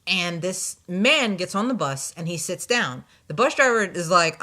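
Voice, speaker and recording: A young woman vlogger telling a casual, animated story about her day, quoting people and sounding exasperated. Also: fairly low pitch, a little slow.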